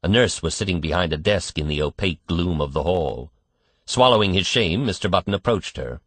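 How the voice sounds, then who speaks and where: A man reads a classic story aloud as an audiobook narrator, measured and expressive. His voice sits low but moves with a lively, varied melody, and the recording is dry and close. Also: no echo. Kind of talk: scripted narration.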